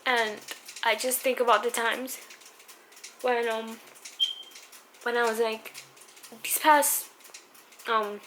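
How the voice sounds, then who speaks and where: A young woman vlogging about her anxiety, halting and emotional, with many fillers and pauses. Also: a little high, flat delivery. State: anxious and upset. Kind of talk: personal vlog confession. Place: outdoors on a city street. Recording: loud street and traffic noise.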